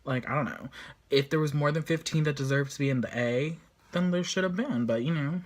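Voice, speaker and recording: A woman chatting casually as she recaps and reviews a show episode, talkative and full of fillers, with lively reactions. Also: sits low, fairly quick.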